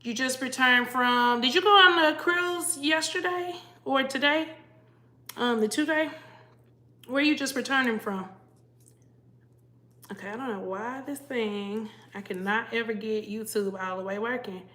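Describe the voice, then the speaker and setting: A tired woman who vlogs about cruises hosts a livestream, chatting casually, greeting viewers by name and reading their comments out loud. Her voice is fairly high-pitched and sharp, and she talks a little slowly.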